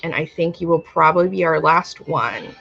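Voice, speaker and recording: Lady doing a live card reading for viewers, raspy low voice, allergy-stuffy, muffled stream audio. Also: animated, normal speed. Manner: warm-hearted, calls viewers my dear and my love. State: itchy eyes and sneezing from allergies. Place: home, live video stream.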